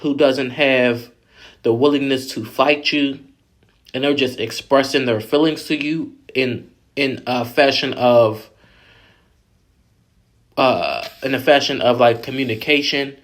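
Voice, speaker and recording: A man's voice: mid-range voice, a little slow, pauses often. A man hosting a vlog, recapping a reality show in blunt, profane, opinionated casual commentary that rambles with restarts.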